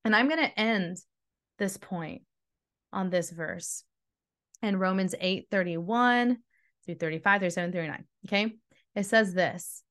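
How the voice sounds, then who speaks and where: A woman's voice: medium pitch, unhurried, pauses often, a bit bright. A woman hosting a devotional teaching, earnest and emphatic, speaking straight to her listeners. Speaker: podcast host and Bible teacher.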